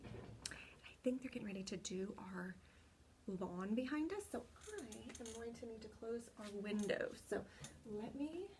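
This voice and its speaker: A young woman teaching kindergarten children remotely, talking slowly and clearly, repeating words and cheering them on. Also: on the high side, expressive, a little mellow, a little hiss or hum. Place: home room with a window.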